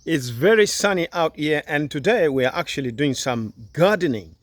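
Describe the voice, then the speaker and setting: A man's voice: fairly high pitch, animated, moderate pace, dry recording, studio quality. A man hosting a casual gardening vlog outdoors, chatty and full of questions. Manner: chatty, asks lots of questions. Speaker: video host helping with gardening.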